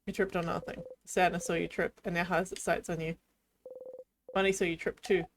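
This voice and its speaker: A woman's voice: on the low side, little pitch movement, a little fast, noisy background. Woman streamer reading game text.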